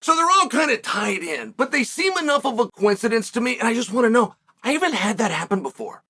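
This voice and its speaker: A man's voice: very high voice, very animated, a little fast, sharp tone. A man hosting a solo sports commentary show, talking emphatically, asking rhetorical questions and sometimes raising his voice. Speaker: combat sports commentator host.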